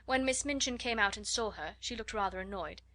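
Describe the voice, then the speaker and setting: A woman narrating a classic children's novel in a measured storytelling manner. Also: medium pitch, sharp tone. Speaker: audiobook narrator. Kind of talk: scripted audiobook narration.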